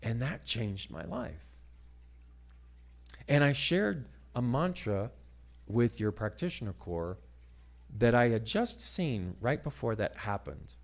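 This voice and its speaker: A man telling a story as a sermon, dramatic and animated, dropping to hushed asides. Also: mid-range voice, takes it slowly, gravelly, pauses often. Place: church sanctuary.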